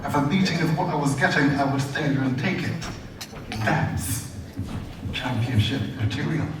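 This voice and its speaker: A man, a retired boxer, speaking in a deliberate, formal and emphatic way in conversation. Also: mid-range voice, heavy background noise. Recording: echoey room, distant mic, crowd behind.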